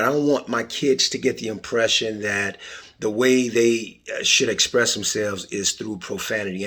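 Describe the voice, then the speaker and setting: A man's voice: medium pitch, a bit bright, slightly rough. A middle-aged man hosting a podcast, talking in a casual, playful way with jokey asides. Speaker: podcast host.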